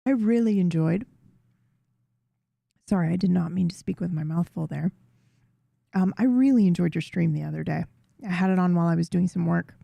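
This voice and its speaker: Low gravelly-voiced woman streamer. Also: quick pace, mellow, no echo. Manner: chatty, greets chat members, rambles with small restarts. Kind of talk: casual livestream chat to viewers. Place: home room with a cat tree.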